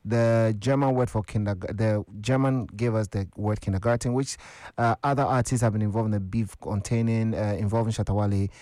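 Ghanaian male radio host running a phone-in quiz, lowish voice, dry close sound. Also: steady tone, brisk, mellow, dry recording. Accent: Ghanaian English. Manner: casual, upbeat, chatty with callers.

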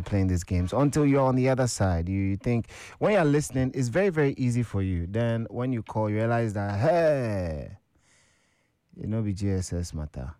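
Ghanaian radio quiz host, low voice. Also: male voice, warm tone, smooth, no echo. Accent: Ghanaian English. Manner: casual, upbeat, chatty with callers.

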